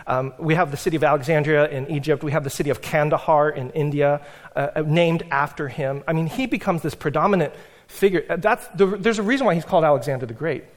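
A male pastor preaching a sermon in a conversational, lecturing way, telling history with animated asides. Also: a little high, fast talker.

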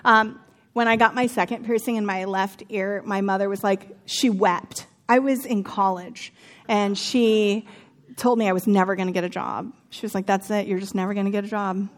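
A woman's voice: mid-range voice, steady tone, moderate pace. A woman in her thirties teaching from the Bible in a chatty, humorous way, with personal asides.

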